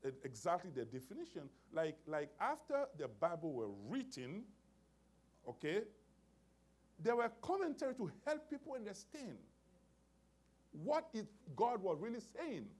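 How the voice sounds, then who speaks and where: Animated preacher with a lively voice. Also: male voice, high voice, measured pace, breathy edge. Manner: emphatic, repeats words and phrases, calls out "Amen?" to the congregation. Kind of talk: sermon.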